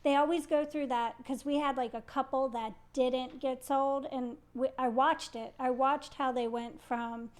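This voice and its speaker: A woman with a high, bright-pitched voice, chatting beside her partner on an aquarium live stream. She tells stories about their fish shop in a friendly, teasing back-and-forth. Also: steady tone, measured pace, few pauses. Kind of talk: casual chat.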